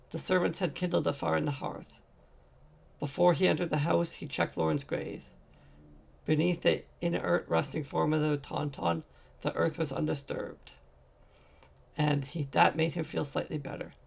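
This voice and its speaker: A man's voice: on the high side, creaky, breathy edge. A man narrating a fantasy short story as a fan audiobook, reading steadily with occasional slips.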